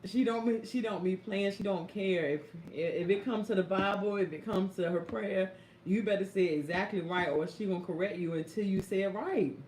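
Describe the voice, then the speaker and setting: Young woman w aave chatting on a live stream, animated, calls ppl y'all and baby, roomy echo, faint room hum. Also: medium pitch, normal speed. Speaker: caregiver vlogger. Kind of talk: casual live-stream storytelling. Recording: echoey room.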